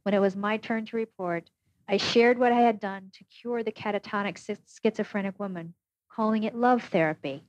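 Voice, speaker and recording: Brief: woman audiobook narrator, measured first-person reading, mid pitch, dull dry recording. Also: dry recording. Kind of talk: scripted narration.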